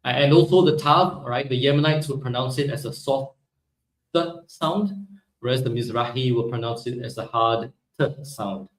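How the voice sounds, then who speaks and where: A man's voice: mid-range voice, moderate pace, reverberant, low-quality recording. A man teaching a live online language class, explaining step by step and often checking in with "right?". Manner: explanatory, peppers speech with "right?". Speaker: Hebrew teacher.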